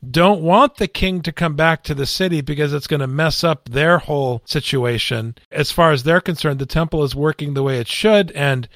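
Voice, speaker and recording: A man, a priest, teaching scripture in a Bible study discussion, deliberate and emphatic. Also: on the high side, fairly bright tone, no echo, clean studio sound.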